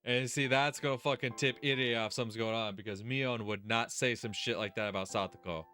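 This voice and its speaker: A man's voice: mid-range voice, fairly even intonation, brisk, bright, forceful tone, soft background music. A young man doing a let's play of a visual novel, reading the story text aloud and breaking off into heated, profane rants at the characters. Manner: profane, heated ranting, mocking whiny put-on voices.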